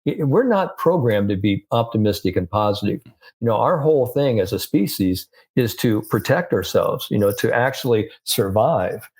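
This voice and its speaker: An older man, a sports psychologist, telling stories in a relaxed interview, full of "you know" fillers. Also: on the low side, normal speed, husky. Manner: animated storyteller, many "you know" fillers, laughs often. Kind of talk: conversational interview storytelling.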